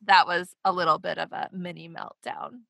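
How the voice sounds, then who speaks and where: A woman's voice: lowish voice, flat delivery, moderate pace, vocal fry, bright, forceful tone, no echo. A young woman co-hosting a podcast, chatting casually and laughing often, with lots of "like". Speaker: podcast co-host. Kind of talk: casual chat.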